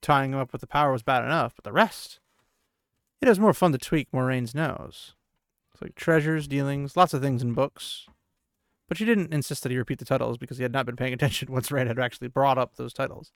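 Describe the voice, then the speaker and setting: A man hosts a relaxed book podcast, retelling the chapter with joking asides. His voice has a gravelly, fry-tinged grain. It sits in a middle register, recorded close and dry. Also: medium pitch, a little fast, no room sound. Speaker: podcast host. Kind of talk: casual book recap podcast.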